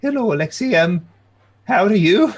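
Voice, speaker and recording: Flustered little old lady voice way up high, stammery and fussy, a guy putting it on. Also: expressive, moderate pace. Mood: nervous politeness. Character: fussy timid old woman adventurer.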